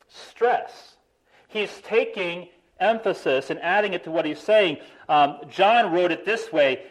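A man preaching a sermon, animated, stressing key words and slowing down for emphasis. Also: a little high, rough recording. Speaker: pastor.

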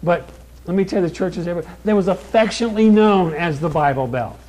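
A man preaching a sermon in a plain American voice, emphatic, building lists with rising stress and slowing down for key lines. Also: sits high, darkish tone, rough recording. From born in Kentucky, raised in California.

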